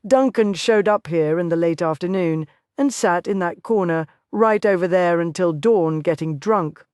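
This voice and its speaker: A narrator voicing a stern saloon owner who speaks in a slow drawl, in an audiobook. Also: mid-range voice, darkish tone, clean tone, no echo, studio quality, lightly acted.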